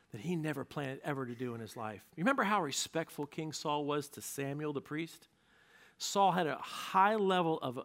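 A male pastor preaching a sermon, retelling a story with animated narration and acted-out quotes. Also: fairly high pitch.

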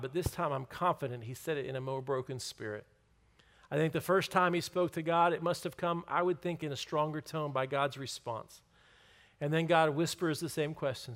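Pastor, man, fairly high voice, casual joking sermon, emphatic. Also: moderate pace. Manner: conversational, jokey, emphatic.

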